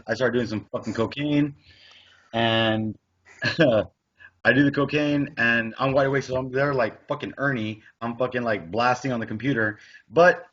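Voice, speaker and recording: Husky-voiced man, casual podcast storyteller, profane and rambling, lo-fi sound. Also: medium pitch. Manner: profane, rambling, animated retelling with quoted dialogue. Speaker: podcast co-host. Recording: dull lo-fi podcast audio.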